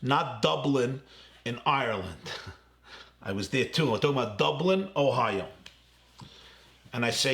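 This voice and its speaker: Bright-voiced rabbi telling a story. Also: male voice, medium pitch, expressive, measured pace, long pauses. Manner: vivid storyteller, quoting people in his tale. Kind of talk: storytelling speech to students.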